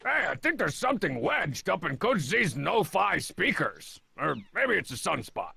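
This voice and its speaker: An actor playing a boastful, scheming cartoon tough guy in a video game, with a gravelly, theatrical voice. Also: high voice, very animated, normal speed, bright, forceful tone, no room sound, full character voice. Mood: gleeful.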